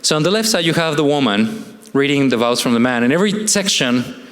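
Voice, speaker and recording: A man's voice: mid-range voice, expressive, a little fast, fairly bright tone, clear, resonant tone. A man giving a conversational presentation to a church audience, often asking rhetorical questions and ending points with "right?". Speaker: church family seminar speaker. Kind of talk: presentation talk with slides. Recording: long hall reverb.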